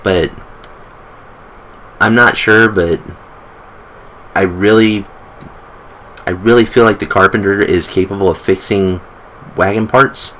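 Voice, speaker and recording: Laid-back man's lower voice, gaming commentary. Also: steady tone, slow pace, long pauses, a bit bright, a little hiss or hum, rough recording. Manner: chatty, joking asides, reads game text aloud. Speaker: let's play host. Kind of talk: casual gameplay commentary.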